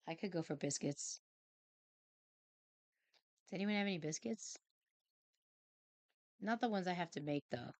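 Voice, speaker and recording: A woman's voice: lowish voice, lively intonation, a little slow, pauses often, no room sound. Giggly woman in playful rambling chat. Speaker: streamer. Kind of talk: casual chat.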